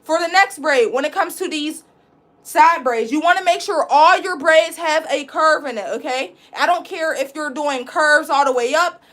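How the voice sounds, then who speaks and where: A woman, teaching a live braiding class in a loud, chatty, encouraging way. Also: high-pitched, moderate pace. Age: 20s. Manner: chatty, encouraging, reads comments aloud. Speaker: braid instructor.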